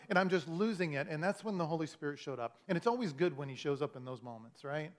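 A man's voice: a little high, quick pace, few pauses. A man preaching through a funny personal story, acting out his own frustration in a self-mocking way. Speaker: pastor. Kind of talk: storytelling sermon.

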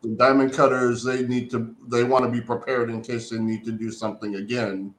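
A man's voice: mid-range voice, level tone, a little fast, slight background noise. A man co-hosting a casual comic book chat, patiently explaining the story with fillers. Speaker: co-host. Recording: roomy echo.

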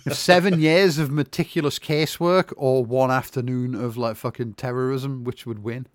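A man's voice: medium pitch, steady tone, moderate pace, no room sound. Guy ranting sarcastically about a bad movie, lots of swearing, dead dry mic. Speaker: podcast co-host. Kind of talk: casual comedic chat.

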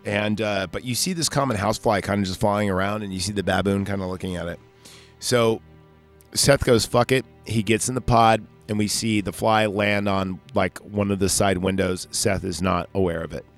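A man's voice: on the low side, fairly even intonation, moderate pace, faint music behind. A man hosting a solo podcast, recapping a film in a casual, rambling, profane way. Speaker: podcast host.

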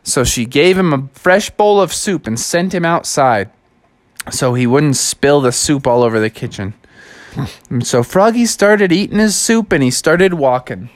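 Slow, lively-voiced man reading to kids. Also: on the high side, no room sound, studio quality. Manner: relaxed, slangy storyteller. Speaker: storybook narrator. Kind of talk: casual children's read-along narration.

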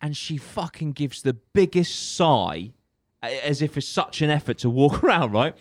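A young man telling a story on a podcast, animated and sweary, laughing often. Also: a little high, moderate pace, no room sound, studio quality. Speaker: podcast co-host. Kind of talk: casual storytelling chat.

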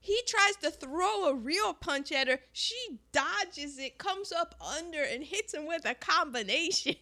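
Animated high-voiced woman recapping a film. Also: a little slow, few pauses. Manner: animated retelling, acts out quotes, laughs often. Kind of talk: casual movie recap chat.

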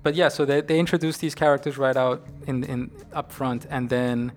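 A man in a casual conversation about a film, animated and acting out lines now and then. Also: medium pitch, normal speed, faint music behind. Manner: animated, acts out characters' lines. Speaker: co-host discussing a film. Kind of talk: casual chat.

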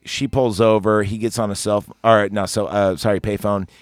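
A man's voice: lowish voice, level tone, moderate pace, no room sound. A man hosting a casual podcast about a film, rambling, swearing often and laughing easily. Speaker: podcast host.

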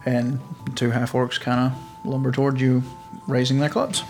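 A man's voice: mid-range voice, level tone, normal speed, soft background music. A man narrating as game master of a tabletop game in an easygoing, hesitant way.

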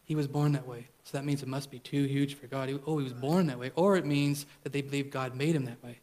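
A man's voice: medium pitch, steady tone, fast, a little mellow. A man preaching to a congregation, telling a story through quoted dialogue and asking the room questions. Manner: retells encounters in quoted dialogue, addresses congregation directly. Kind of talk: sermon storytelling.

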